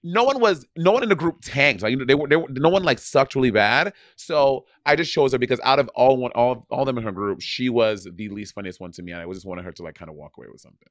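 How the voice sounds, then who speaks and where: A man's voice: medium pitch, fast, few pauses, no echo. Chatty male podcast co-host, dry sound. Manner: rambling, many restarts and fillers. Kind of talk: casual chat.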